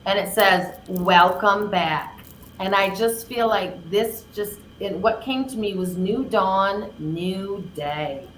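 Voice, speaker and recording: A woman's voice: medium pitch, takes it slowly. An older woman, a grandmother, co-hosting a live card reading, speaking casually and gushingly and stretching words for emphasis. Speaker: card reader co-host. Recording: roomy, faint background noise.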